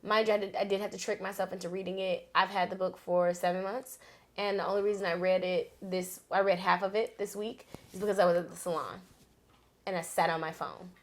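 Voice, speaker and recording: A woman's voice: lowish voice, little pitch movement, brisk. A young woman co-hosting a podcast, a little tipsy, telling stories dramatically in casual chat. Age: young adult. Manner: dramatic, laughs through her stories. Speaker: podcast co-host. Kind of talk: casual chat, animated storytelling.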